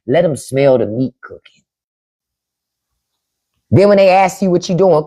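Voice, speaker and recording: A lowish-voiced woman hosts a live stream in blunt, profane style, talking straight to her viewers. Her pitch swings widely as she goes colors her speech. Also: a little slow. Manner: blunt, profane, animated, addresses chat by name. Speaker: podcast host on a live stream. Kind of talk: unfiltered live-stream commentary.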